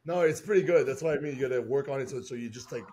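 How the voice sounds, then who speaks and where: A man's voice: mid-range voice, racing, a crowd in the background. A man hosting a podcast in casual chat, laid-back and amused by his co-hosts. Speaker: podcast host.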